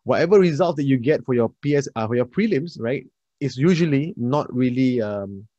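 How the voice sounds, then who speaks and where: A man, an energetic, chatty math tutor leading a live online class and addressing his students directly. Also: mid-range voice, normal speed, no room sound, highs cut off.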